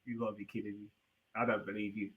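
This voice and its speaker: A man's voice: on the low side, flat delivery, fast, narrow, tinny audio. A man trading laughing, teasing insults in a casual stream chat. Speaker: stream guest.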